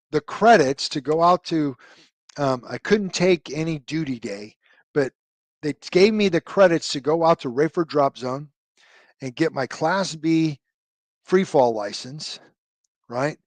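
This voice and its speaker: A middle-aged man, a retired army officer, tells long stories in an interview. He rambles, with lots of fillers and tag questions. His voice sits fairly high, and the sound is dry and close. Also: expressive, slow pace, long pauses, no room sound. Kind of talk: conversational storytelling interview.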